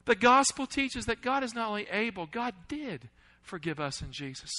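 A man preaching a sermon, asking the congregation questions and swinging between loud, urgent lines and hushed ones. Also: high voice, big pitch swings, moderate pace, rough recording. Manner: asks the audience questions.

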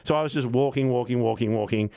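A man, telling a casual, animated anecdote on a podcast, acting out what people said and swearing now and then. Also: medium pitch, fast talker, clear, resonant tone. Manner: animated, rambling anecdote with acted-out quotes and swearing. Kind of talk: casual storytelling chat.

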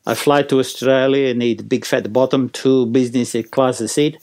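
Role: a man doing a sulky tenor, broken English, complaining and deadpan. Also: mid-range voice, moderate pace, vocal fry, close to an everyday voice. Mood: grumpy grumbling. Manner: complaining, clipped broken grammar. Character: grumpy famous male opera tenor, broken English.

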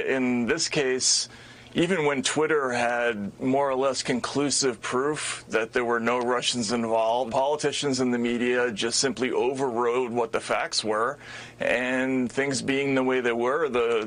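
A man speaking as a journalist in an interview clip, measured and matter-of-fact. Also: mid-range voice, fairly even intonation, a bit bright, low-quality recording. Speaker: journalist guest.

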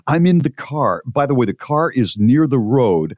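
A man hosting a talk show, casually telling a long, animated personal story and rising in pitch as he relives the frantic parts. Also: moderate pace, few pauses, no echo, studio quality. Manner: animated storyteller, voice climbs high when retelling frantic moments.

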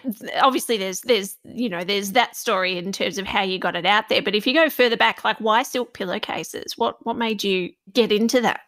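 A woman's voice: medium pitch, moderate pace, hardly any pauses, a bit bright, dry recording. A woman interviewing a guest in a casual chat, reacting with engaged, encouraging questions.

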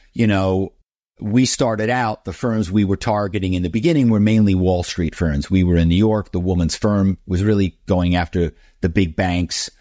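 A man's voice: sits low, dark tone, no room sound, studio quality. A middle-aged man, a guest author, telling stories in an interview and acting out phone calls in other voices. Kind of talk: interview storytelling.

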